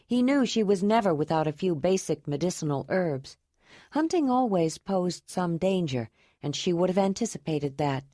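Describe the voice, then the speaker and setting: An audiobook narrator, a woman, reads a novel from a script in a steady, even voice at normal speed. Her tone is low, and the recording is dry and close.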